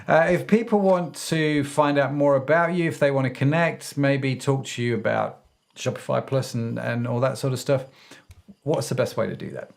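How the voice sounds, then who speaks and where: A man hosts a casual interview podcast. He sounds upbeat and playful, joking about himself and heaping praise on his guest and listeners. His pitch sits in an ordinary middle range for a man. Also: moderate pace, vocal fry. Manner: upbeat, jokey, effusive. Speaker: podcast host. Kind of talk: casual interview and show outro.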